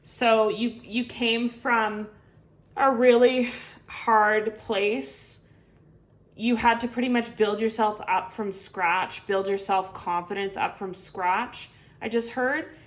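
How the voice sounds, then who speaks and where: A woman's voice: a little high, steady tone, slow pace. A woman doing an intuitive tarot reading, speaking earnestly and heartfeltly straight to the viewer, with lots of filler words. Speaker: tarot reader.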